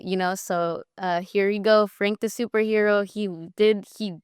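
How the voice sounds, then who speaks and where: A woman's voice: medium pitch, fairly even intonation, normal speed, darkish tone, smooth, no echo, studio quality. A young woman talking with her father in a casual interview, telling stories in a chatty way and acting out what people said. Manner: chatty storyteller, acts out quotes, laughs often. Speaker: guest, daughter of the host.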